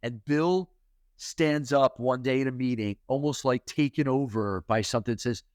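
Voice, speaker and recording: A man's voice: medium pitch, normal speed, darkish tone, dry recording, clean studio sound. A middle-aged man hosting a spiritual talk, telling a story in a loose, chatty way with lots of fillers. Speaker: host and spiritual teacher.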